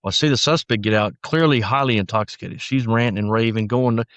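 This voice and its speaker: A man's voice: medium pitch, fast, a bit bright, no echo. A middle-aged man, a former sheriff's deputy, recounting his story in an interview, with frequent restarts and quoted lines acted out. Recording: dry, slightly dull audio.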